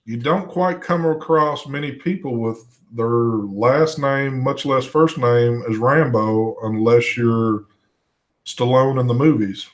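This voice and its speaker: A man's voice: medium pitch, slow. Laid-back man chatting on a stream. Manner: laid-back, swears casually, reads chat aloud. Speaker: co-host of a vaping live show. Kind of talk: casual live-stream chat.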